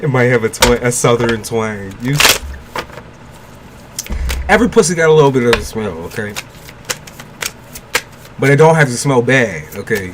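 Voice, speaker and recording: This man reads tarot for viewers on a livestream. His talk is casual, profane and full of laughter, and his pitch rises and falls a great deal. When he reads the cards he turns blunt and frank. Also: lively intonation, moderate pace, long pauses, noisy background. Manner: loose, joking and profane, laughs a lot; blunt, gives frank advice. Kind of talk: casual live chat with viewers, giving a tarot reading.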